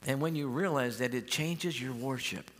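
A man's voice: mid-range voice, normal speed, fairly bright tone. A male pastor preaching in a big sanctuary, chatty and folksy, doubling back on his words. His voice sits in an ordinary middle register. Long reverb rings off the hall. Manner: folksy, conversational preaching with repeated starts. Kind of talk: sermon. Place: large church sanctuary.

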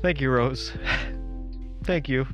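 Male streamer, drawn-out unhurried talk, overwhelmed and grateful, lots of laughter. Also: medium pitch, soft background music. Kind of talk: live stream chat reaction.

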